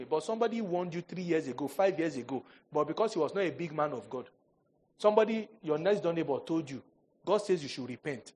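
A man's voice: on the high side, a little fast. A male pastor preaching a sermon, telling humorous stories and acting out quoted voices. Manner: animated storytelling, jokes and mock quotes.

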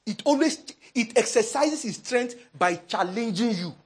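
Animated pastor with a husky voice. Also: male voice, very high voice, a little slow. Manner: animated, humorous, laughs often. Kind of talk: sermon.

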